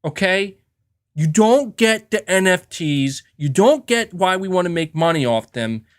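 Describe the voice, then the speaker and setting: Male podcast host, swearing rant, very lively pitch, keeps restarting. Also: measured pace, clear, resonant tone. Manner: profane and emphatic, frequent restarts.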